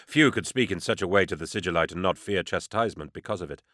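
A man reading scripted narration in a steady, measured storytelling manner. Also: sits low, no echo, clean studio sound. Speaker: audiobook narrator.

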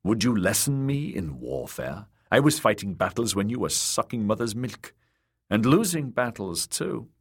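A man's voice: fairly low pitch, very animated, normal speed, husky, dry recording, studio quality, exaggerated voice. A man reading an audiobook, voicing a stern middle-aged warrior captain. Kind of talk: audiobook character voice.

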